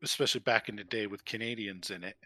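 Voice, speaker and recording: A man's voice: lowish voice, fast, pushed and bright, no echo. A middle-aged man chatting casually about a wargame book, enthusiastic and rambling with many fillers. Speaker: co-host. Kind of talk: casual hobby chat.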